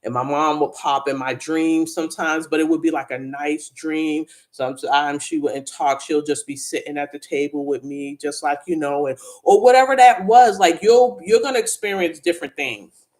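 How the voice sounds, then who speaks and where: A woman's voice: sits low, moderate pace, a little mellow. A woman hosting a livestream, talking candidly and earnestly to viewers, with frequent restarts. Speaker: livestream host. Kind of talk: casual livestream chat.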